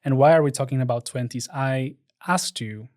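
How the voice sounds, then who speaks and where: A young man hosts a podcast. His voice is mid-pitched and sounds dry and close. He asks measured questions in a calm, steady way. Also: dry recording. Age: 20s. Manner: calm, measured questions with frequent short affirmations. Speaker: podcast host. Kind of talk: casual interview.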